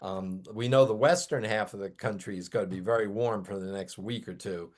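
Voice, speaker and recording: A man as a guest weather expert on a podcast, explaining conditions in a measured, informative way and citing station figures. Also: lowish voice. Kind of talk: conversational explanation.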